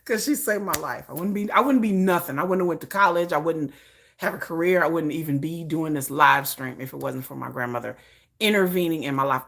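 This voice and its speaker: A woman talking casually on a live stream and telling personal family stories in an animated way. She laughs often and repeats or restarts phrases as she talks. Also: low voice.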